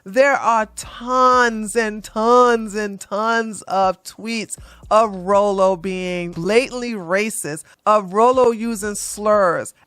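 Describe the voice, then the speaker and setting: A woman's voice: medium pitch, slow pace, a bit bright, smooth, no room sound. A woman hosting a comedic commentary video, reading tweets aloud and answering them in a blunt, mocking way. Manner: blunt, mocking, talks straight back at the person she covers. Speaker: commentary channel host.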